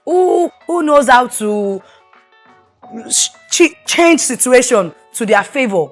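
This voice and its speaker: A woman's voice: high voice, animated, slow, faint music behind. A middle-aged woman, hosting a talk show and giving earnest, preachy marriage advice while putting questions to the listener.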